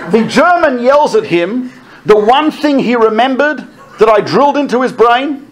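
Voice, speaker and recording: Animated man telling army stories. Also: very high voice, moderate pace, a loud crowd. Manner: animated storyteller, laughing often, quoting others. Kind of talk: storytelling talk.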